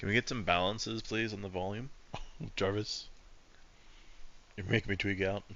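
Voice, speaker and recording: A man's voice: lowish voice, fairly even intonation, moderate pace, gravelly, sharp tone, lo-fi sound. A young man streaming a video game, cursing and muttering his reactions to himself. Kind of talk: casual gaming commentary.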